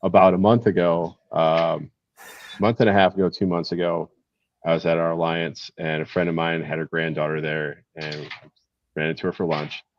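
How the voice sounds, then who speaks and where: A man's voice: deep voice, level tone, moderate pace, no echo. A man, a Marine veteran hosting, telling stories in a blunt, reflective way over a video call. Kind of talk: casual chat. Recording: dry, muffled lo-fi call audio.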